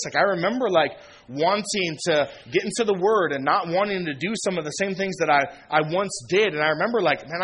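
A male pastor in his thirties delivers a sermon in loose, conversational slang, often acting out exchanges with friends. His voice sits a little high and sounds bright and forward. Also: a little hiss or hum. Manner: casual, slangy, acts out quoted friends with laughs.

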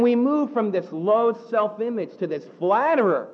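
A man preaching a sermon, animated, acting out the quotes he tells. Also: high-pitched, measured pace, lo-fi sound. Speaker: pastor.

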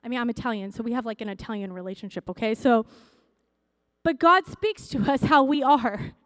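A woman pastor preaching a sermon in a conversational, excitable way that rises to shouting. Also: a little high, brisk, no echo, clean studio sound.

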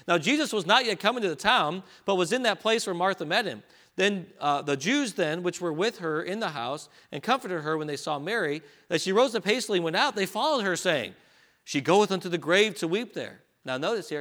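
A man preaching a sermon, reading scripture aloud with rising emphasis and dropping to quieter asides to explain it. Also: sits high, expressive, fairly quick.

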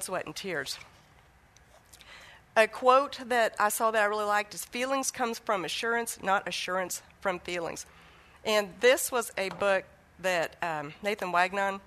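A woman's voice: medium pitch, fairly bright tone. A middle-aged woman giving an earnest faith teaching talk, telling family stories and acting out the dialogue. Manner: earnest, anecdotal, acts out dialogue. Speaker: Christian teacher.

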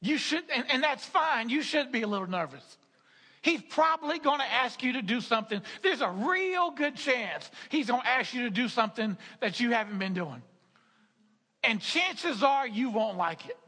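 High-voiced preacher in a reverberant hall. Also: male voice, expressive, normal speed, bright, forceful tone, slightly rough. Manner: repetitive, stammering restarts, laughing asides. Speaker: pastor. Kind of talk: sermon.

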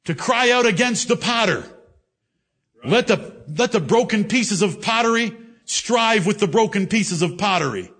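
A man preaching a sermon to a congregation, reading scripture with emphatic, drawn-out delivery. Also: high-pitched, fairly bright tone. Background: congregation responses.

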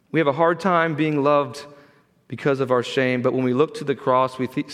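A man preaching a sermon as pastor, earnest, swinging from loud pleas to quiet, hushed lines. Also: a little high, long reverb tail. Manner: earnest preaching, rising loud for quoted voices, dropping quiet.

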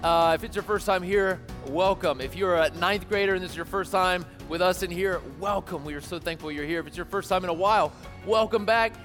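High-voiced excited youth pastor in a hall. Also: male voice, brisk, soft background music. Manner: enthusiastic, calls to the crowd, repeat-after-me. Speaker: student ministry pastor. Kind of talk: energetic youth sermon. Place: church hall with a youth crowd.

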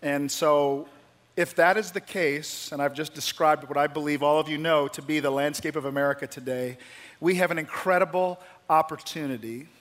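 A male pastor preaching a sermon, telling the story with lively, acted-out quotes. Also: on the high side, moderate pace. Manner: animated storytelling, acting out voices in quotes.

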